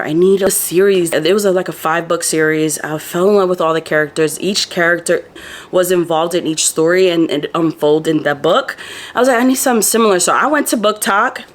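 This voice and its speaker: Chatty young woman doing a haul vlog, kinda low voice, talks right to you. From Florida. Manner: chatty, animated, talks to viewers directly. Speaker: lifestyle vlogger. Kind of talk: casual haul chat.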